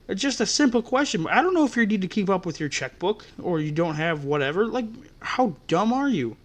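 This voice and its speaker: Speaking a little fast in a high-pitched, sing-song voice, a man running a podcast vents about customer-service experiences. His storytelling is a profane, exasperated rant.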